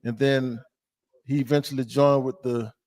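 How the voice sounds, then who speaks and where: A man in a class, retelling something casually with halting restarts and hedges. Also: medium pitch, little pitch movement, darkish tone, no room sound. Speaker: class member.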